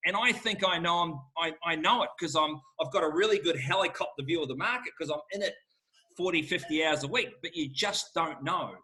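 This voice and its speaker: A man's voice: fairly high pitch, fairly quick, bright, forceful tone. A middle-aged man, answering questions as an auctioneer in an emphatic, fired-up salesman manner. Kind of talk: lively Q&A answers.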